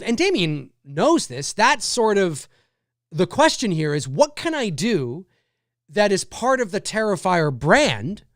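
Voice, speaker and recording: A man's voice: sits high, dry recording, clean studio sound. A man hosting a casual livestream, rambling about a horror film and reading viewer comments aloud. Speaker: livestream host.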